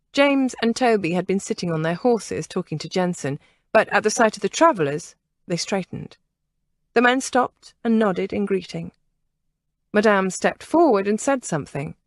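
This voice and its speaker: A woman narrating a historical novel in a measured, expressive reading. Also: mid-range voice, no echo, studio quality. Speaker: audiobook narrator. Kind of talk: scripted narration.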